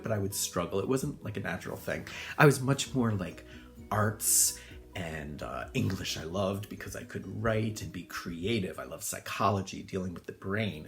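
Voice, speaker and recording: A man, an older hairdresser from Connecticut, telling rambling personal stories in a casual monologue full of fillers. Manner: chatty, rambling, full of fillers, acts out voices in high squeals.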